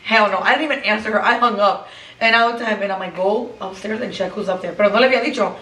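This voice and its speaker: A woman recounts a spooky story to her sisters, switching freely between English and Spanish. She sounds roomy and sits some distance from the mic. Her pitch sits in a middle range for a woman. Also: steady tone, rapid-fire, sharp tone. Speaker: co-host. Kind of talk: casual storytelling chat.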